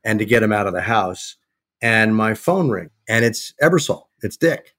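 A middle-aged man, a guest on a podcast, telling a lively anecdote and acting out the dialogue of the people in it. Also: lowish voice, moderate pace. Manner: animated anecdote-telling, acts out quoted dialogue. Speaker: sports television executive, guest. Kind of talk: casual storytelling in a podcast interview.

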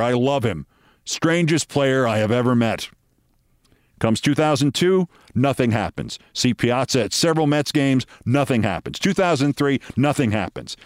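A man's voice: medium pitch, no room sound, clean studio sound. A man, a podcast host telling a wry anecdote and acting out the voices of the people in it. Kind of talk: storytelling monologue.

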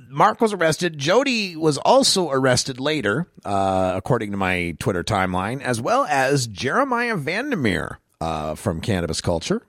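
A man's voice: lowish voice, fairly bright tone, dry recording, studio quality. A man hosting his own show, delivering an opinionated solo rant with emphatic, rising passion. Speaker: host of a cannabis politics rant show.

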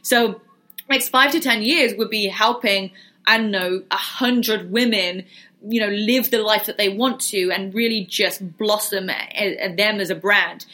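Bright-voiced chatty woman vlogger. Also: mid-range voice, unhurried. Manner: chatty, lots of fillers, answers viewer questions. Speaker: fitness and business vlogger. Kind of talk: casual livestream Q&A.

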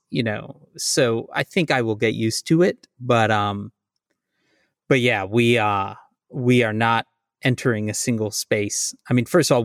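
A man's voice: mid-range voice, no echo, clean studio sound. Wry man co-hosting a chatty podcast. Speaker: podcast co-host. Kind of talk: casual chat.

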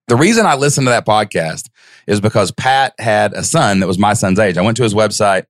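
A male podcast guest tells his story with animated excitement, his pitch leaping when he acts out what people said. The studio sound is clean, with no room sound.

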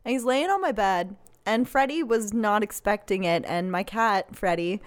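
A woman's voice: medium pitch, moderate pace. A young adult woman co-hosting a casual podcast chat, giggling often as she tells stories about family and pets. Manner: giggly, chatty storyteller. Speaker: podcast co-host.

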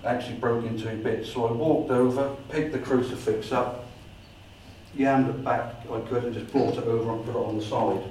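A man tells a story to a meeting, acting out the voices in his tale with lively energy. His voice is middle-pitched, and the recording catches him from a distance in a very echoey room with faint ambient hiss. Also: normal speed. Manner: animated storyteller acting out his own dialogue. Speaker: paranormal investigator giving a talk. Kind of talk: storytelling talk to a society meeting.

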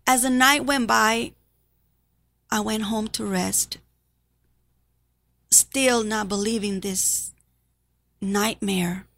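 A woman who is a nurse giving an emotional personal testimony to an audience, halting and sometimes dropping to a near whisper. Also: mid-range voice, steady tone, vocal fry, fairly bright tone, no echo. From Spanish-speaking background.

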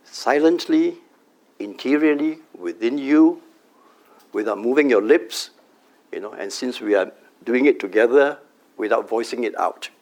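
Middle-aged man, meditation teacher type, gravelly voice with fry, calm measured delivery, drawn-out chanting. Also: medium pitch. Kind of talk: meditation workshop talk. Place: company workshop room.

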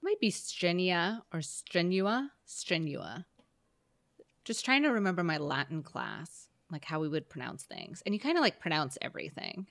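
A woman's voice: on the low side, big pitch swings, moderate pace, gravelly, a bit bright, dry recording. A young woman co-hosting a podcast, chatting casually with wry, playful reactions. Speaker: podcast co-host.

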